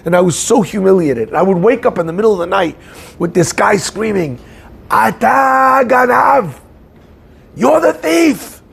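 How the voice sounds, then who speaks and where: A man giving an animated storytelling sermon, acting out the people in his story. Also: sits high, quick pace, vocal fry, breathy edge. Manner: animated storyteller, acts out shouting voices. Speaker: rabbi giving a talk.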